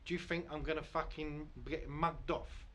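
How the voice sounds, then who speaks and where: A man's voice: on the high side, little pitch movement, moderate pace, crowd noise. A man in his late forties, arguing bluntly and swearing freely in a heated podcast debate about politics. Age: 40s. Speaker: podcast host.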